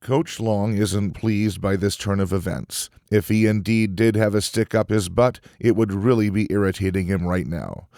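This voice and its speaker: A man narrating a mock sports documentary in a dry, deadpan way. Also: fairly low pitch, dry recording. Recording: music bed under voice.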